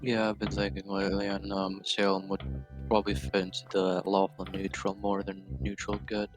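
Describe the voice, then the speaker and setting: A man's voice: deep voice, completely flat delivery, moderate pace, faint music behind. A man playing a tabletop game, speaking hesitantly as he thinks aloud. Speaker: player. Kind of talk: casual chat at a game table.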